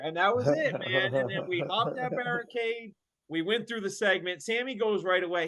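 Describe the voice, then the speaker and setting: High-voiced man telling a story. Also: moderate pace. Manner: animated, full of fillers and slang. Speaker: wrestler guest. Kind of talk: casual storytelling.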